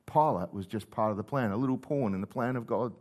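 A man's voice: mid-range voice, fast talker, a little mellow. A male preacher retelling scripture in a conversational sermon, acting out the quotes. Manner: conversational storytelling, acts out quotes.

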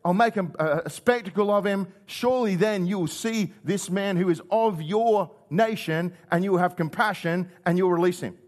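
A man's voice: high voice, moderate pace, hardly any pauses, pitched above the performer's own voice, close to an everyday voice. A man putting on an exasperated Roman governor.

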